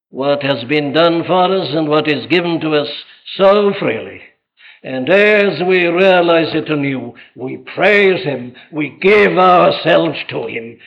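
A man with a high voice preaches an earnest sermon. He fires rhetorical questions and abruptly presses his points with greater force. The recording is dull and lo-fi. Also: creaky.

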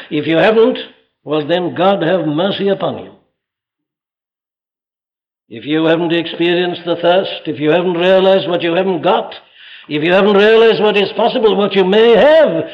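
A man's voice: high-pitched, lo-fi sound. A man preaching a fervent sermon from a pulpit, rising often into strong exhortation. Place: church pulpit.

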